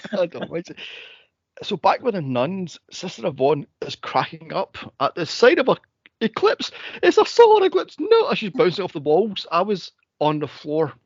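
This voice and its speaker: A man co-hosting a casual movie podcast, telling stories and acting out scenes with sudden high squeals. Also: unhurried, no room sound, highs cut off. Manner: animated storyteller, acts out scenes in high squeals. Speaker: podcast co-host.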